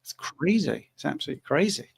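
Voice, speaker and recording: A man's voice: on the high side, lively intonation, fast, gravelly, breathy edge. A man hosting a live question-and-answer stream from the UK, chatty and teasing. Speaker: host. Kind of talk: live Q&A chat.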